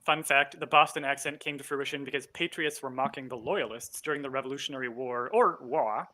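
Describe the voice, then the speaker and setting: A man's voice: mid-range voice, little pitch movement, quick pace, sharp tone. A man host in casual chat, rambling with lots of ums and fillers, laughing easily. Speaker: host, game master. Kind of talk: casual chat about voice acting.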